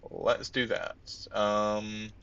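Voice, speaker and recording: A man's voice: fairly low pitch, monotone, drawn-out words, fairly bright tone, clear, resonant tone, highs cut off. A man casually commenting on his gameplay, thinking aloud and muttering to himself as he plays. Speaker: let's-play gamer.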